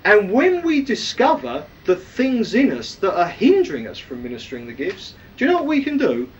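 A man's voice: high-pitched, wildly swooping pitch, moderate pace, far from the mic, lo-fi sound, a little hiss or hum. A man preaching a sermon, teaching emphatically and often asking his listeners questions. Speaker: preacher teaching a weekly series.

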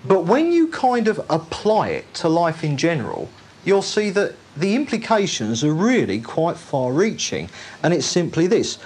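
A preacher delivers a sermon at a slow, deliberate pace, and the voice carries a husky, slightly breathy grain. The pitch rises and falls in lively swings. Key phrases come back again and again, and questions are put straight to the listeners. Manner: emphatic, repeats key phrases and asks listeners rhetorical questions.

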